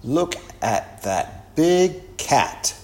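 A man voicing Wilf, a wide-eyed young boy, with squeaky, amazed exclamations. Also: very animated, extremely slow, full character voice.

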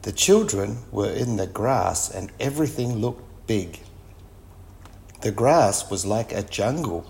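Slow, sing-song male storybook reader. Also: fairly low pitch, animated, creaky, darkish tone, a little hiss or hum. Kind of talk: children's story read-aloud.

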